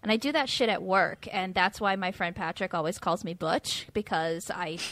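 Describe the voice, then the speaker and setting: A woman's voice: fairly low pitch, normal speed, fairly bright tone, no room sound. A woman co-hosting a podcast in casual book chat, enthusiastic and casual, swearing and mimicking characters. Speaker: podcast co-host.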